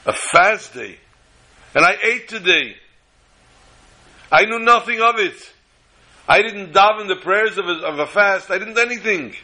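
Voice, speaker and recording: A man's voice: sits high, a little fast, sharp tone, pitched above the performer's own voice, poor audio. A man voicing a simple, anguished farmer from a village who cries out in pleading, tearful appeals. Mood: distraught.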